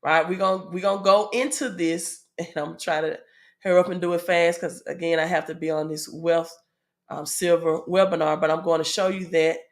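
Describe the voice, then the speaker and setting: A woman's voice: fairly low pitch, steady tone, fairly quick. A woman with a Southern US accent giving a casual spiritual teaching, with frequent "um" fillers and checks of "right?" to her audience. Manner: asks the audience "right?" often.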